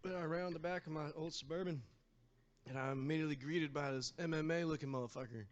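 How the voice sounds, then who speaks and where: A man's voice: a little high, fast. A man, a singer-guitarist, telling a loose, swearing story on stage between songs at a live bar show. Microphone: stage vocal microphone. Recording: slightly dull live-stream sound with guitar.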